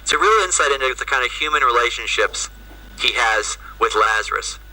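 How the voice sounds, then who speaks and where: A man's voice: medium pitch, lively intonation, brisk, sharp tone, distant mic, rough recording. A man, a priest, giving a conversational lecture over a video call, often checking in with "right?" and "you know". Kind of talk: lecture to an audience.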